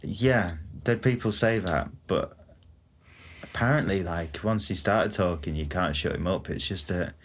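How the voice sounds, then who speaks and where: A man in a deadpan comedy chat, rambling and matter-of-fact with lots of fillers. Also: low voice, a little slow, a little hiss or hum.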